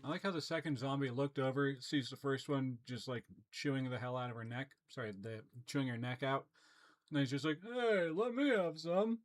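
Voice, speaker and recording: A man's voice: medium pitch, brisk. A man casually commenting on his gameplay during a live stream, chatting with viewers and reading their messages aloud. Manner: relaxed, chatty, reads chat messages aloud. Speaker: gaming streamer.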